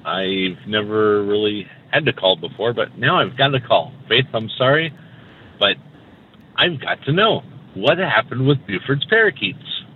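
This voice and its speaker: Man caller, earnest and sheepish, lowish voice, phone message with faint traffic noise. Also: animated, a little slow, phone-quality sound.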